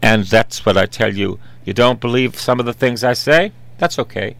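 A man's voice: medium pitch, normal speed, creaky, few pauses, fairly bright tone, dry recording. A man in his sixties preaching a sermon in an earnest, conversational way, repeating simple refrains.

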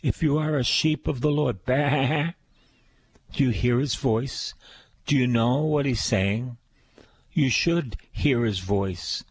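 An older man preaching a sermon, slow and emphatic, repeating his phrases. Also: mid-range voice, slightly rough, no echo.

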